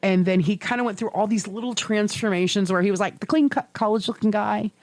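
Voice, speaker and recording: A middle-aged woman co-hosting a podcast, telling stories in a swearing, animated way with laughs, in casual chat. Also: medium pitch, fairly quick, dry recording. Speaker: podcast co-host.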